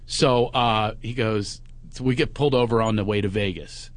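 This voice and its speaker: A comedian telling a funny story in casual chat, acting out the voices of the people in it. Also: male voice, fairly low pitch, normal speed. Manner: animated, acts out the voices in his stories.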